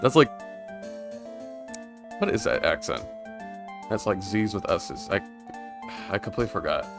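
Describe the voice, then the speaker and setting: A male streamer talks through a video game in a loose, rambling way, piling on filler words. His voice sits low and relaxed, and faint music plays behind him. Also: measured pace. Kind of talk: casual game commentary.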